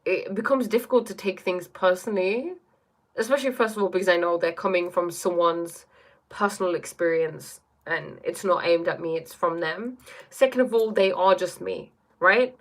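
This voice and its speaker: A woman hosts a relaxed bedroom live stream in a somewhat low voice at normal speed. Reading chat, she muses reflectively and keeps checking in with "right?" and "you know?"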